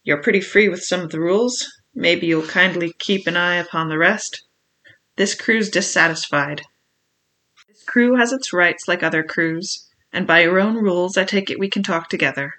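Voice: medium pitch, normal speed, bright, forceful tone, lightly acted. A reader playing a grudging, mock-polite pirate. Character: wary pirate crewman, male.

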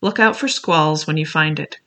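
A reader voicing a stern but kindly male ship's doctor with gentlemanly, earnest speech, in a bright tone. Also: fairly high pitch, normal speed.

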